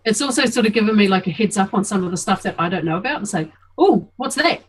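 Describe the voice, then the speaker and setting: A woman's voice: medium pitch, racing, breathy edge, rough recording. A woman with a New Zealand accent co-hosting a livestream, giggly and hesitant, full of likes and ums. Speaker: livestream co-host. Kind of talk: casual livestream chat.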